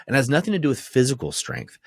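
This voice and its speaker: A man's voice: mid-range voice, wildly swooping pitch, rapid-fire, creaky, slightly rough, dry recording. A man hosting a podcast, giving direct, firm coaching advice to men in a monologue and often checking in with "right?". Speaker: podcast host and men's relationship coach.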